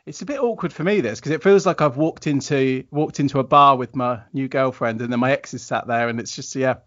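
A man's voice: mid-range voice, brisk, fairly bright tone, highs cut off. A man hosting a podcast, teasing and laughing a lot, chatting casually. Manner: laughs a lot, teasing, admits being disorganised. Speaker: podcast host.

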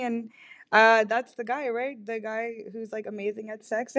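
A woman's voice: fairly high pitch, little pitch movement, normal speed, a bit bright. A young woman hosting a podcast, telling a rambling, self-deprecating story in casual confessional talk, full of "like" and swearing. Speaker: podcast host.

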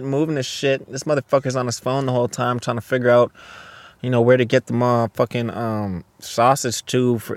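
A man's voice: mid-range voice, a bit bright, no room sound. A man from Canada hosting a casual solo podcast, rambling and ranting with heavy swearing. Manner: profane, rambling, heated ranting. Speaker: podcast host.

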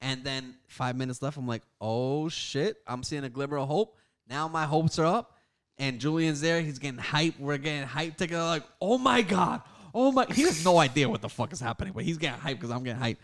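A man co-hosting a casual podcast, telling a story with lively, loud acted-out quotes. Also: medium pitch, fast talker. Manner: animated storyteller, acts out quotes loudly. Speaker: podcast co-host. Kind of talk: casual chat.

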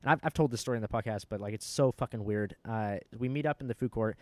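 A man's voice: mid-range voice, fast, no echo. A young man hosting a podcast, telling a story in casual, profane chat, full of filler words. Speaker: podcast host.

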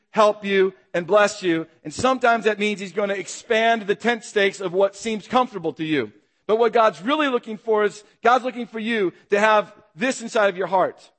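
Male pastor, fairly high voice, dynamic sermon delivery with rhetorical questions. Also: long reverb tail. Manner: dynamic, rhetorical questions, acts out shouted calls.

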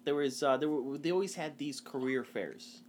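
A man's voice: mid-range voice, moderate pace, a little mellow, a little hiss or hum. Playful, rambling young man. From Canada. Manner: playful, rambling, laughs often. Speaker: podcast co-host. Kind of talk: casual banter.

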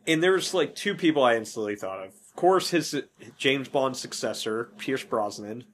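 A man's voice: medium pitch, animated, moderate pace, slight background noise. A man hosting a podcast in casual chat, rambling, correcting himself and laughing often. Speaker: podcast host.

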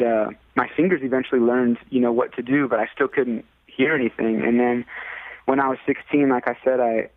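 Male podcast guest from California, loose storyteller who acts out quotes, average pitch, dry tinny line. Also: no room sound. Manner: rambling, many fillers, acts out quoted people in a raised voice. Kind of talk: casual storytelling.

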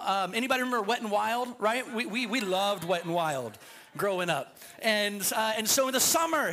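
High bright-voiced man preaching. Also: animated, moderate pace. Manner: storytelling, stammering restarts. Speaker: pastor. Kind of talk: sermon. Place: church sanctuary.

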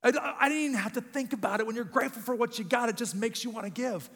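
A man's voice: very high voice, very fast, a bit bright. A man in his thirties preaching a sermon as a pastor, telling a funny personal story with lots of energy. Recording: long reverb in a large room.

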